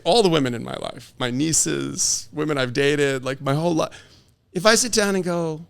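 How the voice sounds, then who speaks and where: This fairly high-pitched man speaks at a normal speed, his smooth voice touched with vocal fry. He's a middle-aged divorce attorney guesting on a podcast, casually swapping lively stories and mimicking the people he quotes.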